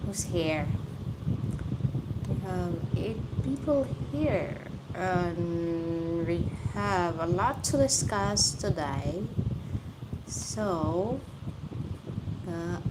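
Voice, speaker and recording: A woman with a Filipino accent hosting a casual livestream chat, greeting viewers by name and laughing often. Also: lowish voice. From Philippines. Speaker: livestream host. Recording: steady background noise.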